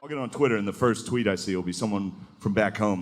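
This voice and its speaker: A man's voice: on the low side, fast, noisy background. A man doing a stand-up comedy set, laid-back and crude, often slipping into exaggerated character voices. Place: comedy club stage before a laughing audience.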